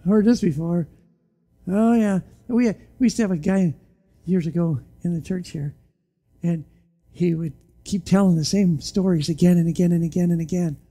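A pastor with a warm, mellow voice of middling pitch preaches a sermon in church at normal speed. The animated delivery is full of pointed rhetorical questions, and he suddenly drops to a hushed, low voice for emphasis.

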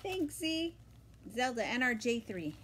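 A woman chatting casually at home in her vlog, excitable and talkative, her voice jumping high when she is thrilled. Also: a little slow, a little hiss or hum, low-quality recording. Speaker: vlogger. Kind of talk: casual chat.

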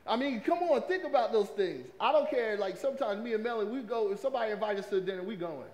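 High-voiced preacher, lively. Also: male voice, fast talker, few pauses. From American South. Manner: lively, conversational preaching with crowd prompts. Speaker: pastor. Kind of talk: sermon.

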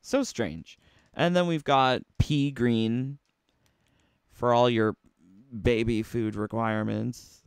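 A man's voice: medium pitch, takes it slowly, creaky, long pauses, clean tone, no echo. A man giving casual, playful commentary on video game costumes, sassy and full of rhetorical questions. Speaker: gaming YouTuber.

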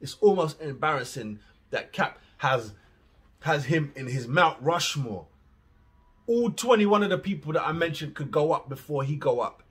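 A man, ranting bluntly in a casual reaction video and swearing freely, swinging from muttering to loud outbursts. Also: on the high side, lively intonation, normal speed, slightly rough. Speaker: reaction vlogger.

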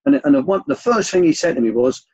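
An older man, a former youth coach, telling rambling anecdotes with many restarts in a relaxed interview. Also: fairly high pitch, fast, husky, no room sound, highs cut off.

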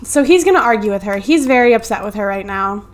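A woman's voice: mid-range voice, expressive, fast. A woman hosting a let's play, chatty and narrating each move on a USB desktop mic. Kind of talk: casual gameplay commentary.

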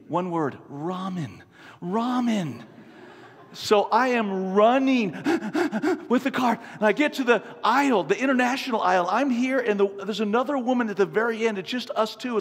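A man in his fifties preaching a sermon, an animated, self-mocking storyteller. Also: high-pitched. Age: 50s. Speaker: pastor. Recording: long reverb from a large hall.

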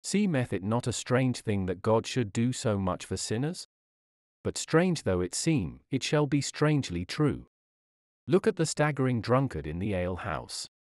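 A man reading a Victorian sermon in an earnest, formal preaching manner. His voice sits at an ordinary male pitch, and the recording is close and dry with no room sound. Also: sing-song, normal speed, a little mellow, no room sound. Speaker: sermon reader.

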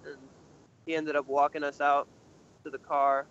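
With a fairly high, clean-toned voice at normal speed, a young man recounts a story casually as a guest in an interview about his urban exploring. He animatedly reenacts others' lines in a raised voice. There's slight muffling and faint noise in the recording.

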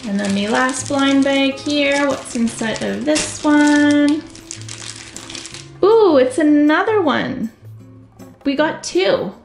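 A woman hosts a toy unboxing, gushing over every find and calling out to her viewers. Her voice sits a little high and her delivery is slow and unhurried. The room is echoey, with faint music playing underneath. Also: creaky. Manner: gushing, excitable, talks to viewers as "you guys". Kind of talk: casual unboxing commentary.

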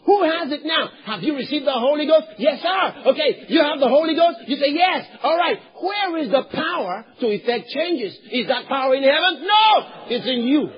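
A man from Nigeria preaching a sermon as pastor, animated, drawing responses from the congregation and rising to loud emphatic shouts. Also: very high voice, moderate pace, hardly any pauses, dull audio.

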